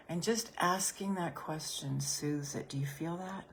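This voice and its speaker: Woman, low voice, business coach, guided healing exercise, soothing, gentle repetition. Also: measured pace, hardly any pauses, slight background noise. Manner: soothing, gentle, repeats phrases softly. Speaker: business coach and podcast host.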